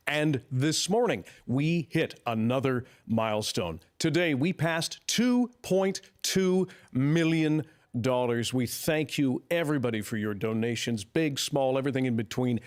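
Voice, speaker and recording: Guy hosting call-in radio, quick and polite, reads the donation info. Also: medium pitch. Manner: brisk and polite, quick announcements. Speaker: radio show host.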